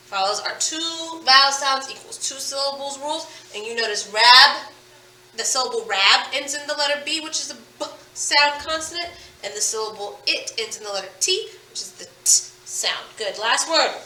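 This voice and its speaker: A woman teaching a phonics lesson to children, speaking slowly and emphatically and repeating each word and sound. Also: high-pitched, pushed and bright, a little hiss or hum. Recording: echoey room, mic at a distance.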